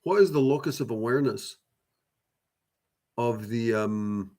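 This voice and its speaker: The host of a channel, a man with a medium-pitched, dark-toned voice and a somewhat slow pace, speaks to viewers about spiritual topics. He goes on at length in a loose, rambling way, with lots of fillers, restarts and casual swearing.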